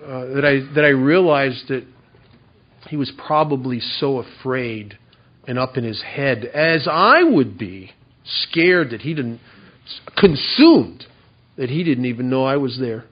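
A man's voice: medium pitch, animated, measured pace, husky, highs cut off. A man telling a candid, confessional story about his recovery to a meeting, with self-mocking humor. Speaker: recovery speaker.

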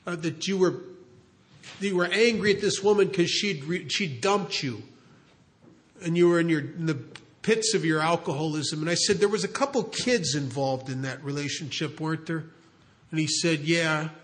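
A middle-aged man earnestly telling a story about guiding someone through recovery, halting and restarting as he talks. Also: a little high. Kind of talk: storytelling talk.

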